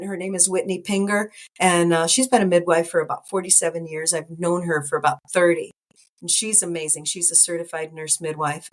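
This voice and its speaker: A woman in her sixties with an American accent, a midwife talking casually as an interview guest, rambling and laughing often. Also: on the low side. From United States. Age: 60s.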